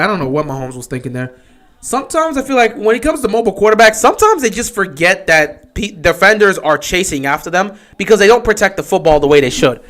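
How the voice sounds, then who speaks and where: A man hosting a livestream, giving casual play-by-play commentary and reacting loudly to big plays. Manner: excitable, swings from low musing to loud shouting on big plays; chatty, talks straight to players and chat. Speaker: livestream host calling the game.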